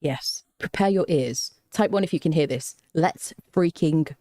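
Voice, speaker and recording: A woman streaming live, reading her chat aloud in an excited, gushing, chatty way and greeting viewers by name. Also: sits low, measured pace, dry recording. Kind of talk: excited casual livestream chat.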